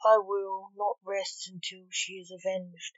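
A woman's voice: medium pitch, little pitch movement, unhurried, no room sound, close to an everyday voice. A woman voicing a grieving, vengeful male coroner who is not human, speaking in a grim, snappish way, on a dull lo-fi recording.

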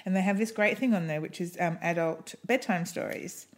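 A woman co-hosting a podcast in casual chat, giggly and quick to correct herself. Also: lowish voice. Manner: chatty, giggly, self-correcting. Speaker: podcast co-host.

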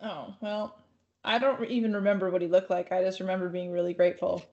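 A woman's voice: fairly low pitch, fairly even intonation, quick pace, dull audio, crowd noise. A woman co-hosting a podcast from home, telling a story in a rambling, casual way and swearing freely. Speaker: podcast co-host.

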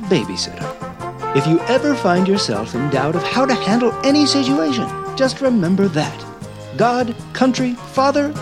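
A man's voice: sits high, vocal fry. A man hosting a comic audio lecture series in a mock-pompous, old-fashioned lecturing manner. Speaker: host.

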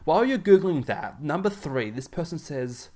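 A man's voice: a little high, big pitch swings, normal speed, crowd noise. A man co-hosting a podcast, chatting casually with lots of fillers and restarts. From Australia. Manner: rambling, many fillers and restarts, laughs often. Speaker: podcast co-host. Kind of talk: casual chat.

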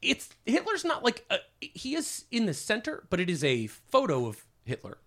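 A man's voice: high voice, wildly swooping pitch, moderate pace, a bit bright. A man presenting as a guest on a casual podcast, explaining with lots of fillers and restarts. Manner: hesitant, full of fillers.

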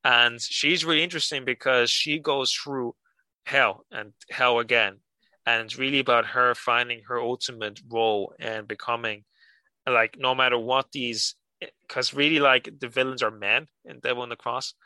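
A man's voice: mid-range voice, fairly even intonation, normal speed, bright, forceful tone, dry recording, poor audio. A man co-hosting a book podcast, rambling hesitantly with lots of "like" as he talks about a novel. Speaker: podcast co-host. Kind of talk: casual chat.

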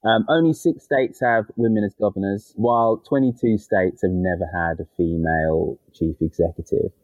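A man's voice: on the low side, moderate pace, a little mellow, no echo, highs cut off. A man hosting a casual panel discussion, with wry, teasing asides between the guests' points. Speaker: radio discussion host.

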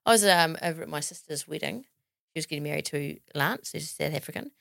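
A woman's voice: low voice, fast, vocal fry, a bit bright, no room sound, clean studio sound. A woman co-hosting a podcast, chatting and telling a story in a blunt, laughing way. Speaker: podcast co-host. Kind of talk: casual chat, storytelling.

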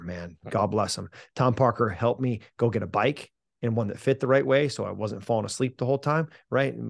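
A middle-aged man with a creaky, mid-range voice, a mental performance coach, tells a personal story as a podcast guest in animated interview storytelling. He's punchy and emphatic, swears casually and calls the listener "man." The recording is dry with clean studio sound.

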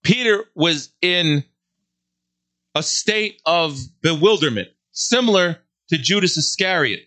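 A man hosting a religious commentary show, delivering an earnest, preaching monologue with slow, emphatic repetition. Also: on the high side, sharp tone. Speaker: host.

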